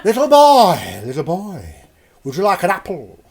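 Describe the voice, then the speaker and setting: Seductive mysterious woman, put on by a man, high-pitched, breathy, teasing sing-song, folk tale telling. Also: wildly swooping pitch, a little slow, a little mellow, full character voice.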